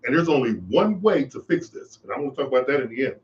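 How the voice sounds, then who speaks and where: A man hosting his own podcast delivers an impassioned, preachy commentary monologue, repeating phrases for emphasis. His medium-pitched voice is sing-song and fast. The recording is muffled.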